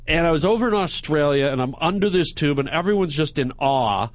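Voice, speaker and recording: A man's voice: a little high, lively intonation, dry recording. Goofy joking man hosting a podcast. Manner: goofy, joking, quick to riff and laugh. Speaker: podcast host. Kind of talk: casual comedic podcast banter.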